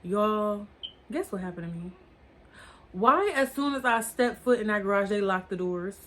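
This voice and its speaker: A woman's voice: mid-range voice, animated, moderate pace, a little hiss or hum. A woman casually telling a story to her viewers, rambling and swearing, with lots of "like" and "or whatever.". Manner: rambling, profane, heavy use of "like" and "or whatever". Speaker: storytime vlogger.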